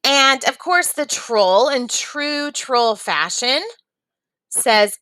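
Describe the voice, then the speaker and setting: A woman teaching a reading lesson, pausing to ask the class encouraging questions. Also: sits high, expressive, sharp tone, dry recording.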